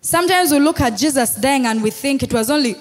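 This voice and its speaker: A woman pastor with a Ugandan English accent, preaching a sermon with shouted declarations and call-and-response to the congregation. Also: high-pitched, lively intonation, fast. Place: church hall. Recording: long reverb in a large hall with music.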